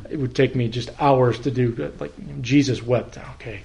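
A man preaching a sermon as pastor, earnest, slowing down for emphasis and sometimes repeating words as he searches for them. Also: medium pitch, steady tone, gravelly, a little mellow.

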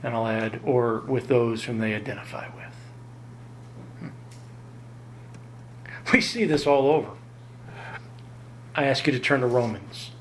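A man preaching a sermon, emphatic and lively, often jumping up in pitch to drive home a point. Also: a little slow, pauses often, a little hiss or hum. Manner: emphatic, rises sharply in pitch to stress points. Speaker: pastor.

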